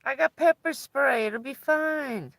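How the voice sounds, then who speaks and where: A woman's voice: sits high, a little slow, vocal fry, fairly bright tone, no echo. A woman livestreaming from inside her van, chatting casually with viewers and laughing often as she tells stories.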